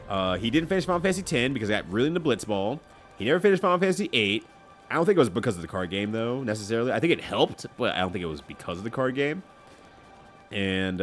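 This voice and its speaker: Lively low-voiced male streamer, rambling. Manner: rambling, chatty, self-correcting. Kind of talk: casual live-stream chat while gaming.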